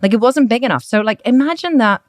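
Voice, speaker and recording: A woman hosting a podcast, telling a personal story in a frank, lively way and acting out past conversations. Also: on the high side, quick pace, no room sound. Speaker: podcast host. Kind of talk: casual storytelling monologue.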